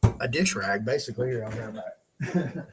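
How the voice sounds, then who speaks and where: A man's voice: mid-range voice, normal speed, over music. A middle-aged man hosting his own show, telling a story in a casual monologue, laughing often and swearing freely. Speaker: show host.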